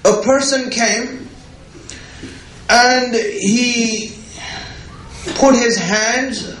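A man's voice: very high voice, steady tone, drawn-out words, fairly bright tone, a little hiss or hum. A man preaching a religious sermon, repeating himself and asking "right?" as he goes. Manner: repetitive, rhetorical, often asks "right?". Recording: echoey room.

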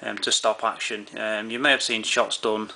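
The camera tutorial presenter's voice is fairly low, level and creaky, pushed and bright, at a moderate pace. He casually guides viewers through the camera menus step by step, with many fillers and restarts.

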